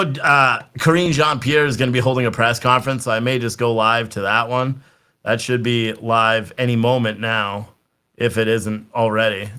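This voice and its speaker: Smooth and a bit bright, this man's mid-range voice fills a livestream where he rants with profanity as a political commentator, casually addressing the people in his chat.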